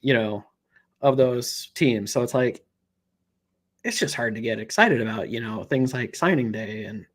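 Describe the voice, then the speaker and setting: A man's voice: medium pitch, moderate pace. A man co-hosting a sports podcast in casual chat, rambling with lots of "you know" fillers. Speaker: podcast co-host.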